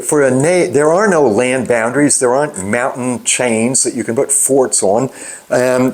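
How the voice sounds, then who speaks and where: Older man, mid-range voice, hosts his own commentary channel; forceful opinions, halting delivery with ums and self-corrections. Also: mid-range voice. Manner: opinionated, emphatic, with frequent fillers and restarts. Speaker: channel host giving political commentary. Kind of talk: unscripted political monologue.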